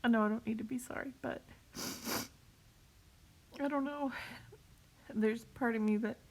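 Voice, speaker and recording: A woman talking on a live video while crying, in a halting way, repeating herself and laughing through her tears. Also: on the high side, fairly even intonation. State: tearful, crying. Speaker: vlogger sharing a cancer update. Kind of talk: emotional live video talk.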